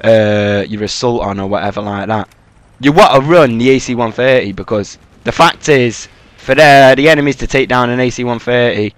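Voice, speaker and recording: A man's voice: medium pitch, normal speed, no echo. Young guy ranting over his gameplay, curses a lot, lots of "like" and "you know", dry close mic. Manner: rambling, swearing, filler-heavy. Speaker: gaming commentator. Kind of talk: casual freestyle game commentary.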